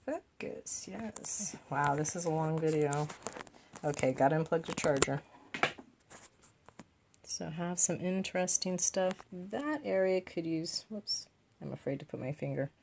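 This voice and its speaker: A woman's voice: sits low, unhurried, vocal fry, noisy background. A woman vlogging as she paints, thinking aloud about her choices and tossing in playful asides. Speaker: craft vlogger. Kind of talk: casual talk while painting.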